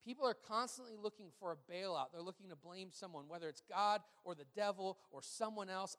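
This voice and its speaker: A man, a pastor, answering questions in a sermon, talking conversationally and telling stories with an animated delivery and frequent fillers. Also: high-pitched, brisk, hardly any pauses, in a large hall.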